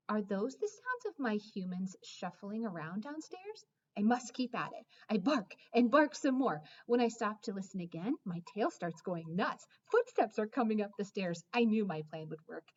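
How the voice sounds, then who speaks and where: A woman narrating a children's story in the first person, expressive, with dramatic hushes and excited rises. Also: mid-range voice, moderate pace, dull audio. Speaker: audiobook narrator.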